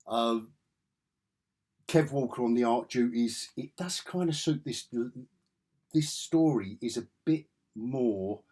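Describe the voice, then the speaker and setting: A man's voice: medium pitch, darkish tone, breathy edge. An English man with an enthusiastic, rambling way of talking, reviewing comic books in a casual vlog. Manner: rambling, enthusiastic, self-correcting.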